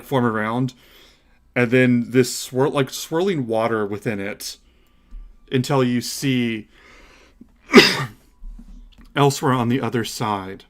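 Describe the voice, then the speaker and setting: A man narrating as game master of a tabletop game, relaxed and hesitant, with frequent ums. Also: medium pitch.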